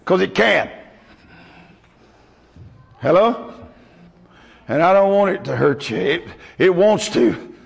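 A man's voice: high-pitched, animated, slow pace, creaky, long pauses, slightly rough, long reverb tail. A male pastor preaching a folksy, emotional sermon to his congregation.

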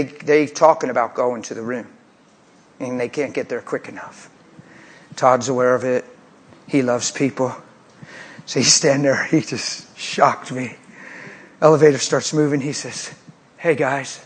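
Animated storytelling male preacher. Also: on the high side, husky. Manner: animated, acts out voices, swings from hushed to shouting. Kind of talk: sermon storytelling.

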